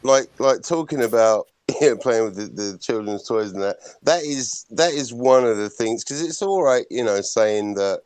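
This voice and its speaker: A man's voice: medium pitch, lively intonation, normal speed, darkish tone, clear, resonant tone, no echo. A man on a podcast panel, rambling with many fillers. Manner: rambling, many you-knows. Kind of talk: casual podcast chat.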